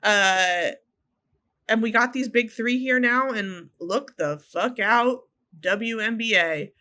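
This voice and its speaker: A woman's voice: a little high, slow pace, sharp tone. A woman co-hosting a podcast, chatting playfully about basketball and joking along with her co-host. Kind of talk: casual sports chat.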